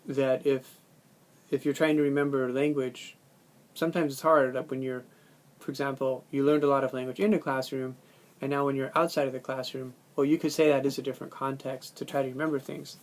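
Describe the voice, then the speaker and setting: A man's voice: mid-range voice, level tone, a little fast. A man teaching a language course, lecturing in a conversational way and explaining ideas with spoken examples. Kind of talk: recorded classroom lecture.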